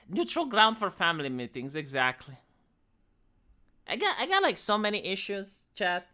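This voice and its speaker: A man's voice: sits high, huge pitch swings, unhurried, pushed and bright. A young man chatting bluntly with his live-stream chat, swearing often as he answers comments.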